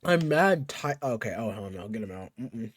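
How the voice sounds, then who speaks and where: A man's voice: on the low side, lively intonation, normal speed, no echo, studio quality. A man streaming live, chatting casually with his viewers in playful, rambling trash talk. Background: faint music.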